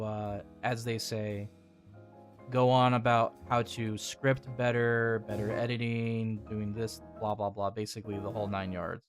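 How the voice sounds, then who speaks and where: A young man hosting his channel in casual chat, rambling and swearing, often restarting his sentences. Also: lowish voice. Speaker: channel host.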